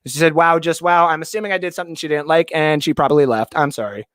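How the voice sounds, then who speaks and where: A man's voice: on the high side, quick pace, fairly bright tone, dry recording, clean studio sound. A young man from Canada hosting a casual livestream from his basement, reading viewer comments in a rambling, jokey way. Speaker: livestream host. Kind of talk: casual live-stream chat reading comments. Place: home basement.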